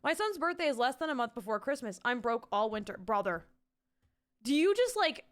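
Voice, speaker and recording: A young woman streaming live, talking loosely to her chat in a high, smooth voice. She swears freely, laughs often and breaks into loud shouted bits, speaking close to a desk microphone. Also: sing-song, brisk.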